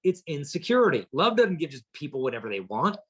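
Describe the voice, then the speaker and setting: A man with a somewhat high, husky voice gives a lively conference talk to teens. He tells punchy, humorous stories and acts out each person in them. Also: fast. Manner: lively storyteller acting out quotes. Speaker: chastity speaker.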